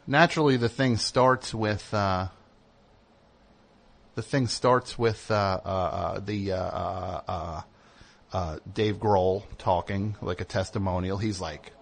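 Low-voiced man rambling through a comedy monologue. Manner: meandering, many fillers, mock voices for bits. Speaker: radio show host.

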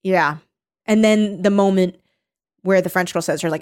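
A woman retelling a novel's plot in casual chat, animated, swearing and quoting the characters. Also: lowish voice, measured pace. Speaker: podcast co-host discussing a novel.

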